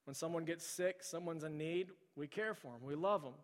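A man preaching in a big church hall, his voice sitting a little high for a man and trailing off into long reverb. He moves from storytelling into soft, pleading repetition aimed at the congregation. He sounds like a middle-aged pastor. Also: normal speed. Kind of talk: sermon. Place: large church sanctuary.

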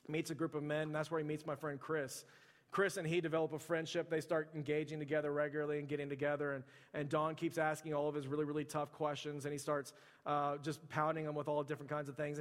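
A man's voice: a little high, in a large hall. A man preaching a sermon to his church in a loose, conversational storytelling way, leaning on "like" as he talks. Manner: conversational storytelling, heavy use of "like". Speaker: pastor.

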